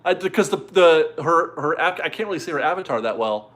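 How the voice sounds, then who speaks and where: A man's voice: on the high side, expressive, fairly quick, fairly bright tone. A man hosting a casual live stream from home, chatty and rambling as he reads out viewer messages and is easily amused.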